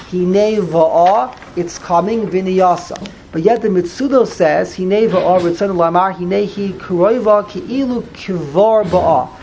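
Brief: high-pitched, gravelly male teacher, patient verse-by-verse class with repeated explanations. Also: slight background noise, rough recording. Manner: explains slowly, repeats phrases, translates each term. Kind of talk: verse-by-verse text study.

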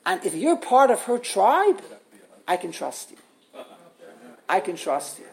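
A woman voicing a calm, trusting female teacher. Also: mid-range voice, measured pace, vocal fry. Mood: explaining. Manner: calm and matter-of-fact.

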